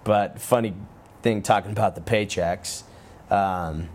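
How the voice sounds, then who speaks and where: Deep-voiced man telling relaxed stories. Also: unhurried. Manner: relaxed, rambling with frequent restarts. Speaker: guest, former pro football player. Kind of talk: casual interview storytelling.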